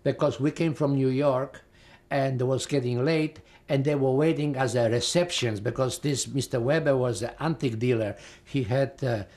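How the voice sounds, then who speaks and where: A man's voice: medium pitch, a little mellow. Older man with a Polish accent. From Poland. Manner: rambling, halting, with frequent fillers and repeated words. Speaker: interviewee, Holocaust survivor. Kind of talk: oral history testimony.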